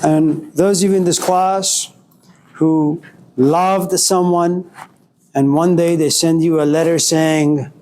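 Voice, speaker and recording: A man's voice: steady tone, slow, darkish tone, slight background noise. A man giving a classroom lecture, dramatically acting out scenes and jumping his voice up when he plays anger. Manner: dramatic, acts out scenes, swings pitch up when mock-angry. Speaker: college lecturer.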